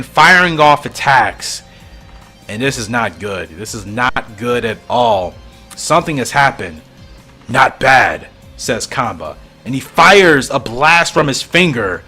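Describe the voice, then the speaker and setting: A channel host with a medium-pitched voice reads a fan comic aloud and comments on it excitedly, laughing often.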